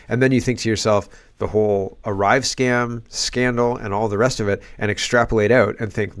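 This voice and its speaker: A man's voice: lowish voice, fairly even intonation, brisk, few pauses. A man hosting a casual political commentary show, exclaiming and rambling in disbelief.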